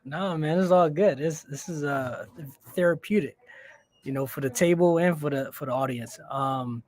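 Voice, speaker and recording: A man joining a panel chat from a coffee shop over a video call, relaxed and rambling as he tells stories. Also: fairly high pitch, normal speed. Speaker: panel guest. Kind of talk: casual panel talk.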